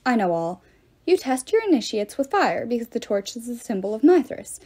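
A woman reading the part of a bold, clever teenage girl who talks back quickly and bluffs with confidence. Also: on the high side, very animated, a little mellow, breathy edge. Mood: bluffing.

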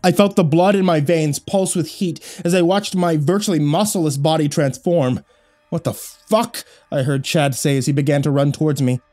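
A man reading a first-person horror story aloud, measured with dramatic swells. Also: fairly high pitch, fairly even intonation, warm tone.

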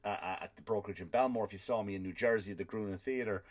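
A man with an Irish accent, a comedian hosting a podcast, telling stories in an animated, swear-filled rant. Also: fairly low pitch, fast talker. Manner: animated storytelling with frequent swearing. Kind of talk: ranting comedic monologue.

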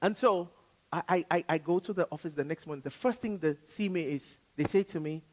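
A woman pastor from Africa preaching a sermon, with dramatic swings between loud declarations and hushed asides. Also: sits low, fairly quick. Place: church. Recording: reverberant church hall.

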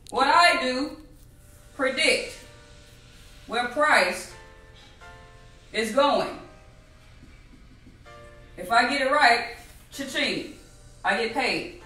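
A woman teaching a live online trading class, animated and repetitive, asking the audience many rhetorical questions. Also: high-pitched, drawn-out words, pauses often, echoey room, distant mic, soft background music, rough recording. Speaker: trading instructor.

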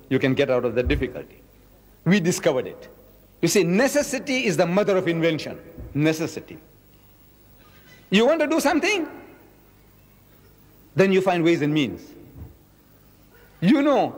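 A man delivers a public lecture in a highly dramatic way, acting out dialogues and asking rhetorical questions. His voice sits high and swings widely in pitch. A long reverb from the hall trails his words. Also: lively intonation, normal speed, pauses often. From South Africa. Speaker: Islamic lecturer.

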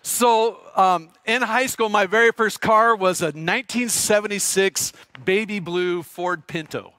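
A middle-aged man preaching a sermon, telling a lively personal story and asking the congregation questions. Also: sits high, a little slow, smooth, dry recording. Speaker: pastor. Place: church sanctuary.

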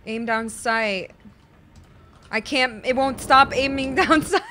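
A young woman streaming a horror game, talking to her chat with excitable, jumpy reactions and swearing when startled. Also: high voice, unhurried, slight background noise. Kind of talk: live gameplay commentary. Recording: game music behind voice.

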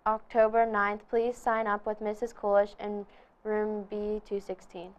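A woman's voice: mid-range voice, monotone, measured pace, poor audio. A teenage girl reading school announcements plainly from a script. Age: teens. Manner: reads plainly from a script, slight slips. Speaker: student announcer.

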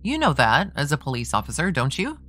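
A woman's voice: sits low, wildly swooping pitch, brisk, a bit bright, heavily acted. A woman reading a trial transcript aloud, voicing a persistent male defense attorney who presses a witness with leading questions. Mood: pressing. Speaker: true crime podcast host.

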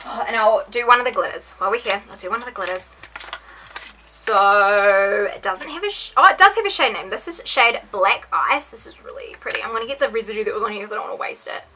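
A woman's voice: medium pitch, expressive, a little fast, sharp tone, a little hiss or hum, low-quality recording. A young woman unboxing beauty products in her bedroom, gushing and gasping with repeated exclamations in a casual vlog. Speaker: beauty vlogger.

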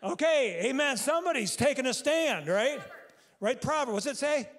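Male pastor, higher voice, chatty sermon delivery that pulls answers from the congregation. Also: expressive, moderate pace, a bit bright. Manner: conversational, quizzes the congregation. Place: church sanctuary.

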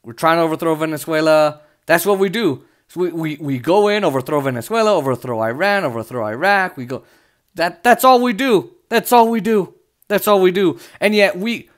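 A man's voice: high-pitched, fairly bright tone. A man from the United States giving heated, sarcastic political commentary, swearing often as he rants.

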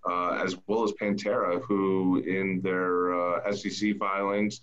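A deep-voiced man leads a casual panel chat and speaks with many hesitations and fillers. His voice sounds muffled and lo-fi, as if recorded through a poor mic. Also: flat delivery, unhurried, a bit bright. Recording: dull lo-fi sound.

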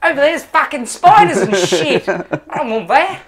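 A woman's voice: high-pitched, very animated, normal speed, a crowd in the background. A woman giving let's-play commentary over a strategy game, swearing constantly in mock outrage. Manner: profane, mock-outraged trash talk. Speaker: video game player.

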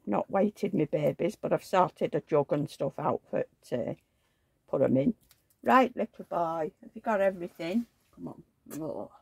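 Middle-aged lady, husky and gravelly, chatting away homely at home, dry close sound. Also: fairly low pitch, lively intonation, normal speed, darkish tone, no echo, low-quality recording. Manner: homely, rambling, fond chatter. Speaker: doll collector vlogger. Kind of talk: casual chatty vlog, talking to dolls. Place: indoors at home.

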